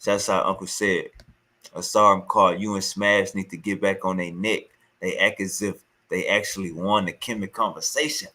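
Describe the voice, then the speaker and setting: A man's voice: on the low side, moderate pace, sharp tone. A man reacting to a clip in heated, scornful casual commentary, repeating himself as he rants. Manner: heated, scornful, repetitive ranting.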